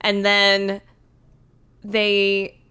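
A young woman co-hosting a podcast, chiming in with blunt, quick reactions and laughs in casual chat. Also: medium pitch, monotone, bright, forceful tone, smooth. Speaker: podcast co-host. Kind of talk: casual book-recap chat.

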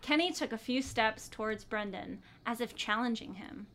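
A woman's voice: fairly high pitch, moderate pace, background noise. A woman reading a story aloud during a comedic group reading, cracking dry jokes.

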